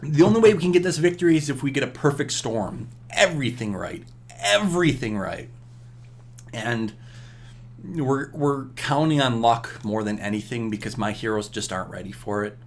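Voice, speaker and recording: A man's voice: mid-range voice, lively intonation, fairly quick. A man giving casual gameplay commentary, rambling and scolding himself aloud with chuckles.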